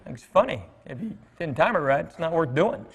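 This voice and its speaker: A man's voice: a little high, big pitch swings, normal speed, breathy edge. A middle-aged man, a comedian, telling stories to a church congregation in a conversational, joking way with fillers and asides. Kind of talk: storytelling talk to a congregation. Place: church hall with an audience. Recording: long reverb from a large church hall.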